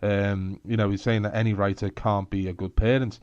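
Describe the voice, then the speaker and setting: Scouse guy cohosting a podcast, blunt and jokey, swears a bit, lowish voice, kinda muffled audio. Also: level tone, a little fast, a little mellow, smooth, dry recording. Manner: blunt, laughing, sweary asides. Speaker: podcast co-host. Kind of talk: casual chat.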